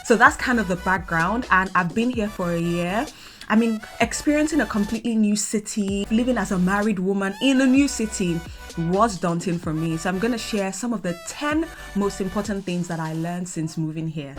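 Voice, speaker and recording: A young woman from Nigeria with a Nigerian accent, talking in an animated, dramatic, exclamatory vlog style. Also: mid-range voice, moderate pace, faint music behind. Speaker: vlogger. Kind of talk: casual vlog talk.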